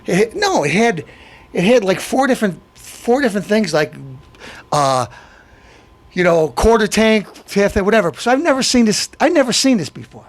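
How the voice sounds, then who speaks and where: A man in middle age hosts his show and vents about a grievance. His rant rambles and restarts, getting more indignant as it goes. His voice sits high and leaps about in pitch. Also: big pitch swings, normal speed. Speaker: show host. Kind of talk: ranting monologue.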